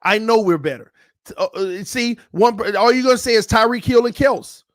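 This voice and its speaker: A man hosting a football fan channel, talking excitedly and repeating himself, dropping low and then shouting. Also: normal speed, no echo, clean studio sound. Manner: hyped, repetitive, swings from low muttering to shouting. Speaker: sports channel host.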